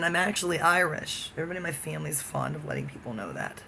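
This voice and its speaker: Male vlogger, somewhat high and gravelly, rambling profane solo rant. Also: huge pitch swings, racing, pushed and bright, a little hiss or hum. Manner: profane, jumping from topic to topic.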